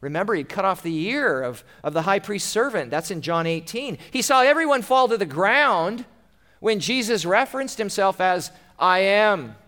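A man's voice: high-pitched, animated, normal speed, bright, forceful tone. A man preaching a sermon, retelling a scripture story dramatically with rhetorical questions.

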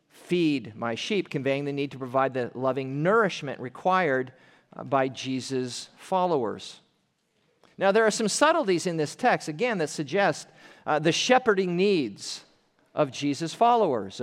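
A man preaching with a high, animated voice that swoops up and down as he presses each point. He is earnest and emphatic, slowing down to stress key phrases and dropping to a softer tone for weight. A long hall reverb trails behind his words, as in a large church sanctuary. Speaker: pastor. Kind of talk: expository sermon.

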